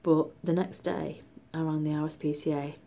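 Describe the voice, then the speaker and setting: A middle-aged woman from Britain telling a story in a casual vlog, chatty and animated, often dropping to a whisper. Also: deep voice, moderate pace, creaky. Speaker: vlogger.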